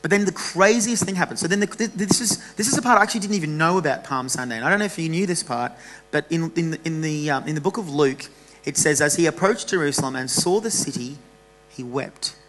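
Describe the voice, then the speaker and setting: A man preaching a casual, animated sermon to a church youth gathering. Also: a little high, quick pace, low-quality recording.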